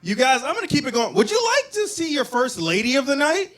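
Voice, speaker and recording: A man's voice: very high voice, very animated, fairly quick, background noise. A man hosting a comedy show, bringing acts on and off with hyped emcee patter. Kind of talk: emcee introductions. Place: comedy bar stage, live audience.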